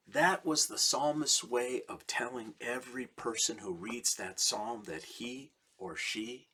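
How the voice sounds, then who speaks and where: Slow, bright-voiced man preaching. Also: on the low side, animated, husky. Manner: slow, deliberate preaching with emphatic repetition. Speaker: rabbi. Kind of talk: recorded sermon message.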